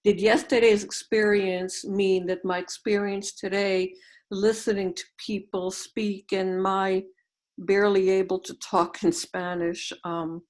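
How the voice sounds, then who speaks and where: A woman's voice: medium pitch, flat delivery, a little slow. A middle-aged woman Zen teacher giving a dharma talk over a video call, reflective and storytelling, often posing questions to her listeners.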